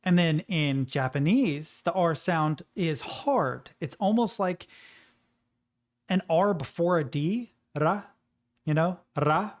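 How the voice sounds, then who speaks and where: A man's voice: on the high side, animated, slow pace. A young man streaming a game, musing aloud in a rambling, casual way and swearing now and then. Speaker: gaming streamer. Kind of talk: casual gaming commentary.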